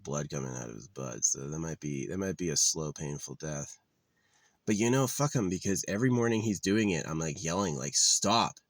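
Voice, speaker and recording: A man's voice: extremely low pitch, darkish tone, dry recording. A man talking in a casual, rambling monologue, blunt and profane with a wry edge. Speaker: vlogger. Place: living out of his car.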